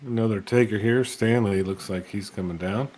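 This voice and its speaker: A man's voice: fairly low pitch, fairly even intonation, moderate pace, darkish tone, slight background noise, rough recording. A man doing casual co-commentary on a sim race, easygoing and full of friendly banter. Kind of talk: casual color commentary and chat.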